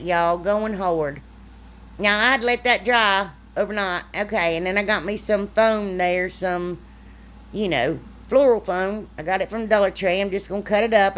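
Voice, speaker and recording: A woman, chatty and self-deprecating, talking through a craft tutorial. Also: medium pitch. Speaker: craft vlogger. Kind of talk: casual crafting tutorial voice-over.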